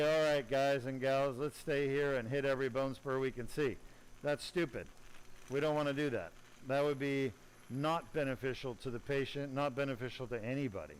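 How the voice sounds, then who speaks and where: A man's voice: on the high side, clean tone, poor audio. A middle-aged man, a spine surgeon, giving live commentary during surgery, blunt and opinionated with jokey asides to the audience.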